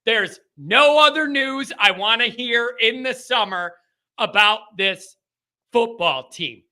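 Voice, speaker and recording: A man hosting a call-in sports radio show, talking in an energetic and animated way. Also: very high voice, slow. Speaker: sports talk show host.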